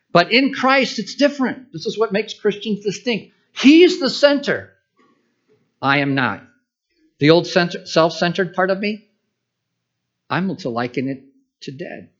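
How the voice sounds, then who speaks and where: A man's voice: high-pitched, fairly bright tone. Man preaching a sermon, lo-fi. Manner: conversational preaching with rhetorical questions and acted inner dialogue. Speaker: pastor. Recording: dull lo-fi church sermon recording.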